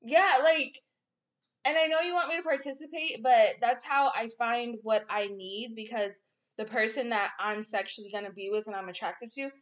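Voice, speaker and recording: A woman's voice: fairly high pitch, normal speed. A young woman co-hosting a podcast, talking bluntly in casual chat and acting out quotes. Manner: blunt, animated storytelling with acted-out quotes. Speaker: podcast co-host.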